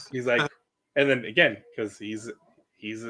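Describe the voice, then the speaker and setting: A middle-aged man hosting a casual chat, telling animated stories about his kids and acting out the quotes. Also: medium pitch, slow pace. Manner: animated storyteller, acts out quotes. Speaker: host.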